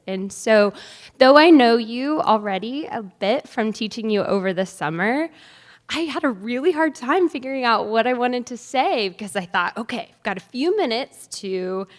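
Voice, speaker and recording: A woman in her thirties gives a personal storytelling speech at a ceremony. She talks in a chatty, conversational way, with a somewhat high voice. Her words ring out through a large theatre with a long reverb, picked up by a podium microphone. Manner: conversational, chatty, with light laughs. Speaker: faculty speaker at a white coat ceremony.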